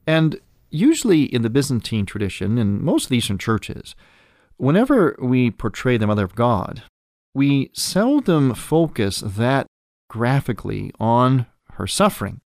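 A man who is a priest and show host, giving an earnest, measured explanation of church liturgy with small restarts. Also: mid-range voice, big pitch swings, darkish tone, dry recording, studio quality.

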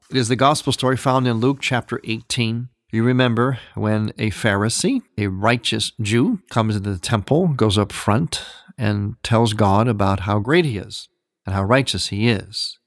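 A man teaching on a religious radio program in a reflective, explanatory way, stressing key words now and then. His voice sits at an ordinary middle pitch. The sound is dry and close, with no room around it. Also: dry recording. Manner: explanatory, reflective, gently emphatic. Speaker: radio program host teaching on Byzantine Catholic liturgy.

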